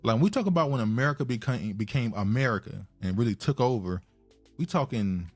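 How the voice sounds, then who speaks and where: A man's voice: medium pitch, brisk, slightly rough, dry recording, faint music behind. A man hosting a podcast, chatting casually and thinking aloud. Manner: relaxed, thinks aloud with fillers and laughs. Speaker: podcast host. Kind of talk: casual chat.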